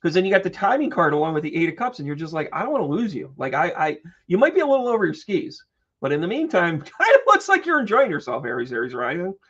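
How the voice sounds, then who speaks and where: A man with a fairly high, gravelly voice hosts a live tarot reading and jokes with his viewers as he goes. The stream audio sounds dull and lo-fi. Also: sing-song, fairly bright tone. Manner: playful and joking, quick asides and laughs. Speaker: psychic medium and tarot reader.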